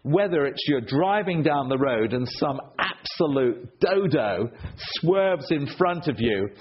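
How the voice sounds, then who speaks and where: A man preaching a sermon, telling stories with a rhetorical delivery that swings between loud and hushed. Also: a little high, lively intonation, takes it slowly, breathy edge. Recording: dull lo-fi recording.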